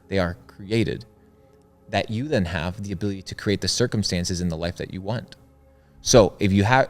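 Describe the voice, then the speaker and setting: Deep-voiced man preaching mindset. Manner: preachy, repetitive, emphatic. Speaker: guest. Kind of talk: motivational interview talk.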